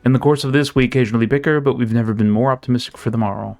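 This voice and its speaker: A man voicing a gentle, devoted woman of a city in a game, reading her lines in formal, old-fashioned phrasing. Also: medium pitch, steady tone, racing, faint music behind, close to an everyday voice. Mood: earnest. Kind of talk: reading game dialogue aloud.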